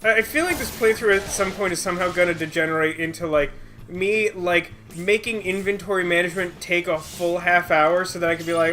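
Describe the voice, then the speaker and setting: A man's voice: high voice, bright, forceful tone. A man joking sarcastically while commenting on a video game with friends. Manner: joking, sarcastic, quick to laugh. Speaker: let's play co-commentator. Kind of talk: casual gaming chat. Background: game music.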